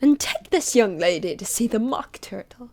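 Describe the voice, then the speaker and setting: A woman's voice: on the high side, expressive, moderate pace, a little mellow, slight background noise. A woman voicing a furious, tyrannical Queen in a whispered role-play, barking commands. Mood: imperious.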